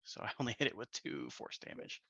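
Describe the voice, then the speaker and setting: Brief: low man with a crisp bright tone, quick, on a dry dull mic. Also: big pitch swings, no room sound. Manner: quick, laughs often. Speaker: player. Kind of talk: casual tabletop play.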